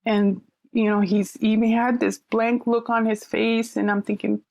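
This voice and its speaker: A middle-aged woman, a counselor, telling stories in casual conversation and acting out quoted voices with lively animation. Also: on the high side, unhurried, no echo. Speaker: counselor sharing her story. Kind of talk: conversational storytelling.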